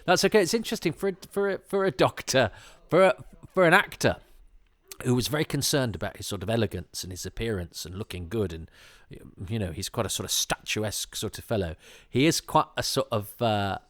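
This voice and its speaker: A man with a fairly low voice talks through an episode in a loose, casual commentary. He wanders between thoughts, stumbles over restarts and fillers, and throws in wry, chuckling asides. The sound is close and dry, with no room around it. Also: expressive, fairly quick, a bit bright, no room sound. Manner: rambling, hesitant, with many fillers and restarts. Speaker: podcast host.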